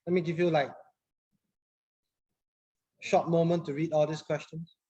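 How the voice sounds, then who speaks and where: A woman's voice: low-pitched, level tone, unhurried, mellow, muffled recording. A woman, teaching a class in a chatty manner, often repeating words and asking the class questions. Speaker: English teacher.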